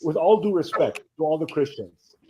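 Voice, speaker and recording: A man in his thirties hosts a casual live co-stream, spinning long, rambling anecdotes and acting out the people he quotes. His voice sits on the high side at a normal pace. The recording is muffled, with slight background noise.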